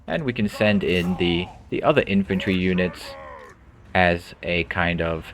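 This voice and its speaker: Low-voiced man explaining gameplay. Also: a little slow. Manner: calm explanatory with frequent word repeats. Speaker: gaming tutorial host. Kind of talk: gameplay commentary.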